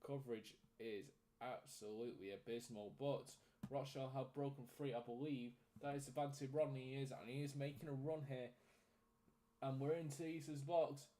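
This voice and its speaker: A man's voice: medium pitch, moderate pace. A young man streaming, reading out football scores and chatting with viewers as he commentates on a match. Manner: reels off scores in a flat list, chatty with viewers. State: out of breath. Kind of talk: casual live-stream chat and commentary.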